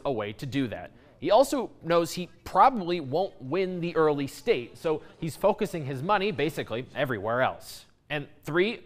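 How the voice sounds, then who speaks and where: Male news reporter, measured delivery, lively pitch, slightly high voice. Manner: clear, measured explainer delivery.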